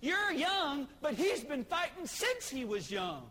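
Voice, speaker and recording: A man's voice: very high-pitched, wildly swooping pitch, unhurried, fairly bright tone, husky, long reverb tail, pitched above the performer's own voice, heavily acted. A man voicing King Saul as a cautious ruler who lectures a youth. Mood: cautioning.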